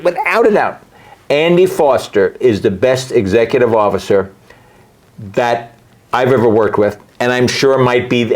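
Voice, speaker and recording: An older man, a boxing promoter, talking in a casual interview and stressing points by repeating words. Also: mid-range voice.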